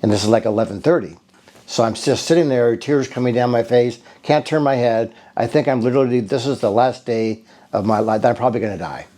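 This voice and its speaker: A middle-aged man at an ordinary pitch, his tone mellow and unforced. He talks casually and loosely, jumping from point to point and acting out the conversations as he tells his story. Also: brisk. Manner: rambling storyteller who acts out conversations. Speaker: bodywork therapist giving a patient testimonial. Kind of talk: casual spoken testimonial.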